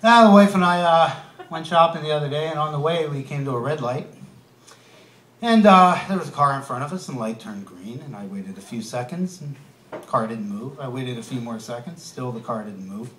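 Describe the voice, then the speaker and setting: A man's voice: medium pitch, lively intonation, normal speed, fairly bright tone, echoey room, slight background noise. A man doing a stand-up comedy set, punchy and wry, throwing asides to the crowd. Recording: live club room, mic heard from a distance. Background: audience laughter.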